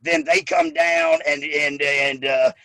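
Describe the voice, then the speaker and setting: A man, a former pro wrestler, telling profane, animated stories as an interview guest, often breaking into laughter. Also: a little high, slow pace, gravelly, a crowd in the background. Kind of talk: casual storytelling interview.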